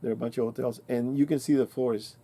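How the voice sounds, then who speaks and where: A man in his sixties tells an old story at his own pace in a warm, dark-toned voice. His talk is loose and colloquial, full of restarts and self-corrections. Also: mid-range voice, steady tone, fast talker. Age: 60s. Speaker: channel host. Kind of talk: casual storytelling monologue.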